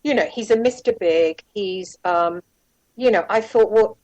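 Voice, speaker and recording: A woman's voice: medium pitch, a little slow, a little mellow, no echo, muffled recording. A woman being interviewed, candidly telling a rambling personal story with asides and quoted dialogue. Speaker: interview guest, former private investigator.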